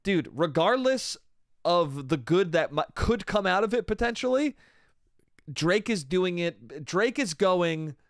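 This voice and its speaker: A man's voice: sits high, expressive, a little slow, no echo, studio quality. A man hosting a solo comedy podcast, rambling crudely and saying "dude" and "bro" constantly. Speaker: podcast host.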